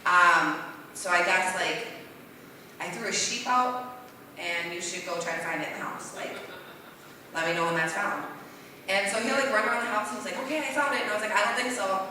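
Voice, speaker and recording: A woman doing rambling, self-deprecating stand-up at an open mic night in a bar, with a voice she calls deep. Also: a little fast, pauses often, bright, forceful tone, slight background noise. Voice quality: deep-sounding voice. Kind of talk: stand-up comedy. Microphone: stage mic in a bar. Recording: roomy hall, voice from far off.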